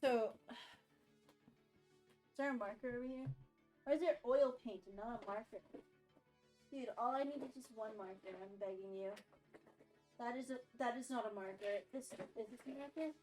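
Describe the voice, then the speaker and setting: A woman's voice: fairly high pitch, moderate pace, long pauses, a little mellow, faint music behind. A woman live-streaming casual chat, rambling, swearing and laughing at herself, tired and overheating. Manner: rambling, self-deprecating, swears and laughs often.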